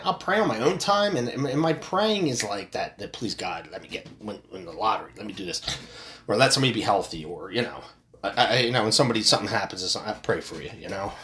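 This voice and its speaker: A man's voice: on the low side, bright, forceful tone. A middle-aged man hosting a solo podcast, ranting in a profane, rambling way with frequent restarts. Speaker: podcast host.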